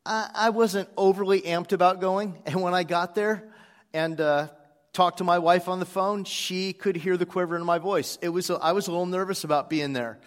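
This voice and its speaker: A man, one of the church's pastors, preaching a sermon to his congregation in a relaxed storytelling way, with frequent "uh" fillers. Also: sits high, moderate pace, in a large hall. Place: church sanctuary.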